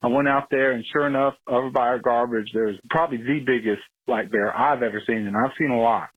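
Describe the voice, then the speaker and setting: A man from Florida tells a lively anecdote over a call-in line. His voice is husky and dry, and the narrow phone sound thins it out. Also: mid-range voice, a little fast, dry recording. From Florida, USA. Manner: animated storyteller, loud when acting out yelling. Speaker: caller. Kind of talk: telling a story on a call-in line.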